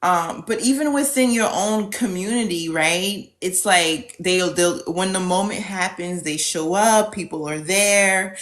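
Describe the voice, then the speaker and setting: A woman's voice: lowish voice, unhurried, hardly any pauses, a bit bright. A woman guest on a podcast, talking in a reflective, thoughtful way in loose run-on phrases. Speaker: podcast guest, end-of-life specialist. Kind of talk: casual podcast conversation.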